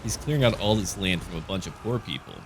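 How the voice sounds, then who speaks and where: A man's voice: deep voice, lively intonation, fast talker, a little hiss or hum. A man giving gameplay commentary as a gaming channel host, with dry, joking asides.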